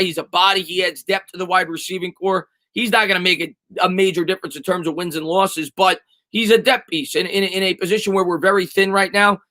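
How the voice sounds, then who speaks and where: A man's voice: high voice, pushed and bright. A man hosting a live sports stream, chatting casually and answering viewers' comments. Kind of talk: live-stream chat reading.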